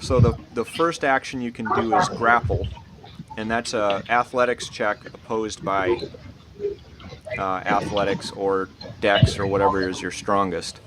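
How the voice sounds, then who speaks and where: A man narrating as dungeon master, explaining rules in a relaxed, rambling way with many fillers. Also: fairly low pitch, a little slow. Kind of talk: narrating a tabletop game. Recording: loud background noise.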